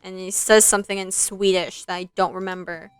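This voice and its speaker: Young woman streamer, rambling storyteller, crisp dry close sound, faint music behind. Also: medium pitch, a little fast, no room sound. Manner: rambling, easily sidetracked, animated retelling. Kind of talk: casual storytelling while streaming.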